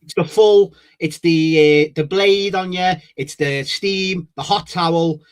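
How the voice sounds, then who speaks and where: A man's voice: high-pitched, measured pace, clear, resonant tone. A man co-hosting a podcast, telling stories in a laid-back, chatty way. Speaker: podcast co-host. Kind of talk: casual chat.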